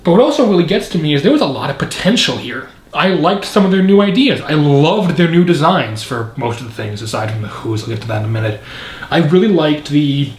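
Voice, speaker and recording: A man talks through a film review in a loose, rambling way, full of opinions and fillers. His voice sits a bit high for a man. The recording has a noticeably echoey room sound. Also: animated, fairly quick. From Canada. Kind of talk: casual video review commentary.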